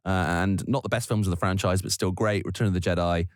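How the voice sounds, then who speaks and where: A man's voice: deep voice, steady tone, fast, slight background noise. A man co-hosting a podcast, chatting casually and laughing easily as he wraps up the episode. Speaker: podcast co-host. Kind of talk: casual podcast outro chat.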